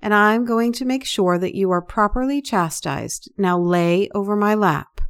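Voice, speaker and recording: A woman voicing a dominant mistress who speaks in a soft, soothing but commanding voice for an erotic story reading. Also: medium pitch, measured pace, clear, resonant tone, natural voice. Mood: coaxing.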